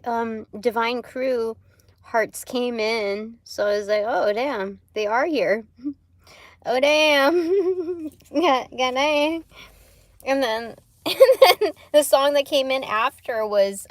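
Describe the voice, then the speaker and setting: Slow, rambling, laughing woman. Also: a little high, no echo. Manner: rambling, laughs often, swears casually. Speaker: livestream tarot reader. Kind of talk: casual spiritual livestream chat.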